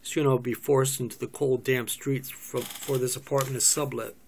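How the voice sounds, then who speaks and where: A man's voice: medium pitch, steady tone, moderate pace, a little mellow, slight background noise, natural voice. This is a cheeky young woman, voiced by a man in a play reading. She asks teasing, blunt questions in a light, nosy manner.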